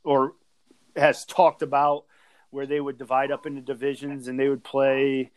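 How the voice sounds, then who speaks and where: Regular guy rambling thru sports talk, lots of uh and you know, middle pitch. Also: little pitch movement, moderate pace, dry recording, rough recording. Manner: rambling, with many fillers and restarts. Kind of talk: casual sports chat.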